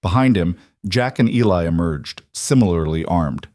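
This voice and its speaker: A man reading a western story aloud with brisk, dramatic pacing. His voice sits fairly low, and the recording is dry and close. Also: animated, darkish tone, no echo. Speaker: narrator. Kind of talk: dramatic audiobook narration.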